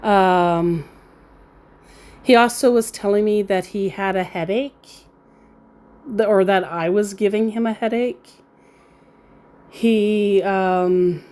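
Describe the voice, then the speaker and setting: Woman, unhurried storytelling, amused, laughs often, mid-pitched voice. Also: a little mellow. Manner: slow, amused, reads out quotes with laughs. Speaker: scambaiter recounting a chat. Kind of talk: casual storytelling vlog.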